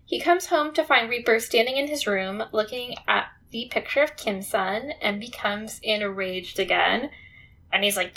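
A woman co-hosting a casual chat recapping a TV drama, telling the story in a relaxed way with frequent laughs. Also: mid-range voice, moderate pace. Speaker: podcast co-host.

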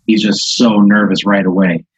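Guy riffing a wild story, kinda husky low voice, laughs a lot, muffled lo-fi sound. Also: fairly even intonation, normal speed, no room sound. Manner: rambling, laughing, acting out quoted voices. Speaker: host. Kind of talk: improvised storytelling in casual chat.

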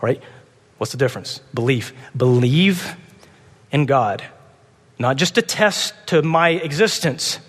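A man preaching a sermon with passion, swinging between urgent, loud pleading and soft, hushed moments. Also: mid-range voice, expressive, unhurried, pauses often, big-room sound. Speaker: pastor.

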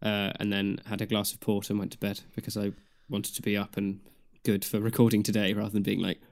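Rambling young man, low voice. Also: monotone, fairly quick, vocal fry. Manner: rambling, many fillers and restarts, dry humor. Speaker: podcast co-host. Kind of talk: casual chat.

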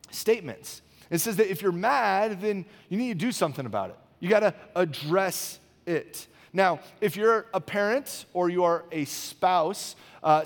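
A high-pitched male pastor in his thirties preaches a sermon in a chatty, storytelling way, stopping often to check in with the crowd. His voice carries a long reverb, as if it fills a big church hall. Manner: conversational, storytelling, frequent "okay?" check-ins.

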